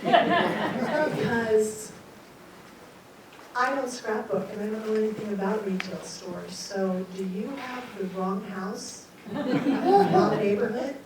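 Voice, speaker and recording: A woman's voice: medium pitch, takes it slowly, a crowd in the background. Older woman storyteller in an echoey hall. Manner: animated, acts out her own quoted thoughts and laughs. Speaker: guest speaker. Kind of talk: personal storytelling talk. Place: meeting room at a talk. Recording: very echoey hall, mic far off, faint hiss.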